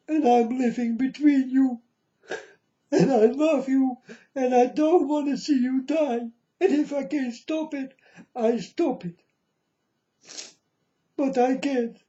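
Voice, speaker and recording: Slow, very dark-voiced man testifying earnestly. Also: extremely high pitch, lo-fi sound. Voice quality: non-native English grammar. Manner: earnest, pleading, repeatedly addressing listeners as folks. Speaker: self-proclaimed prophet. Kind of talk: emotional personal testimony to viewers.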